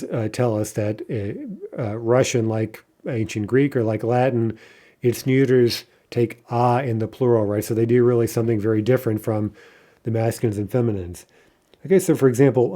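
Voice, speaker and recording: A man teaches a language lesson patiently, explaining things, often checking with "right?" and pausing on fillers. His voice is medium-pitched and mellow.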